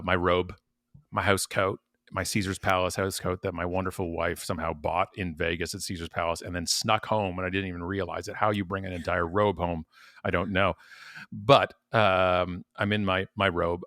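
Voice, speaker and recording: Low voiced guy on a podcast, tells stories with lots of punch, dry close sound. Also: no echo. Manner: animated storyteller, emphatic, repeats words when worked up. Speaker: podcast guest. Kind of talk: conversational interview. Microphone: podcast mic at home.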